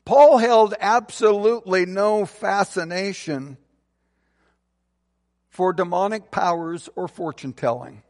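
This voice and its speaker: Preaching slowly and earnestly, a male pastor builds toward emphatic peaks before dropping into soft, low endings to his phrases, with a long reverb tail trailing behind.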